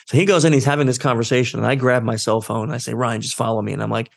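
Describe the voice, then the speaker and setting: A man telling a story as a guest in a career interview, acting out the dialogue and jumping up in pitch when he quotes people. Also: rapid-fire, creaky, hardly any pauses. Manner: animated, acts out quoted dialogue with his voice jumping up. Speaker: guest, social engineer.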